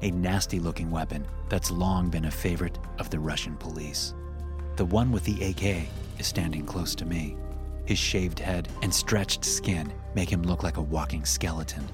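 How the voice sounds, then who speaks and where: A man narrating a first-person story in a steady, measured way. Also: low voice. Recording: narration over clear music.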